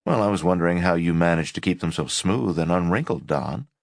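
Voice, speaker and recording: A man's voice: low voice, brisk, vocal fry, no room sound. A man voicing a sardonic young male intern in a dry, mocking tone.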